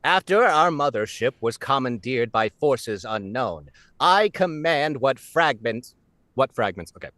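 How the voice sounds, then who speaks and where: A man's voice: mid-range voice, expressive, measured pace, sharp tone, no room sound. A man voicing a formal male alien admiral in a game, speaking in a stiff, stately way.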